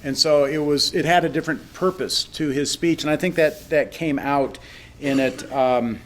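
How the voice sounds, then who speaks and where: A man's voice: on the high side, moderate pace, a little hiss or hum. A man giving a candid, reflective critique of a speech in a casual panel talk, often restarting his sentences. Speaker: public speaking critic on a panel.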